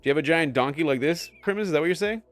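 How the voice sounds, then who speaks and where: A man's voice: fairly high pitch, very fast, faint music behind. A young man live-streaming a game, chatting with viewers in a joking, sarcastic way and swearing casually.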